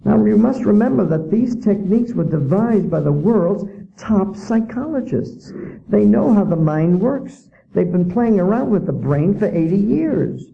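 A man's voice: high-pitched, lively intonation, a little slow, creaky, phone-quality sound. A man giving a public lecture as an author, indignant and full of rhetorical questions.

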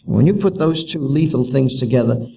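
A man's voice: mid-range voice, animated, fairly quick, gravelly, warm tone, lo-fi sound, slight background noise. A man giving a public lecture as an author, indignant and full of rhetorical questions.

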